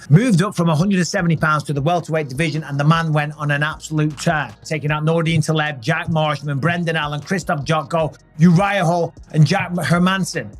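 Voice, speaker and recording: A man in his forties hosting a casual reaction commentary, emphatic and fond of asking "okay?" to drive points home. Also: fairly high pitch. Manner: emphatic, tags lines with "okay?". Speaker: host.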